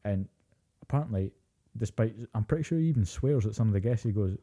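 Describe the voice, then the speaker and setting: A young man co-hosting a casual podcast, his voice low and very dark. He tells stories with lots of swearing and acts out what people said. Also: fast. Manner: animated storytelling, heavy swearing, acts out quotes. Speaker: podcast co-host. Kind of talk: casual chat.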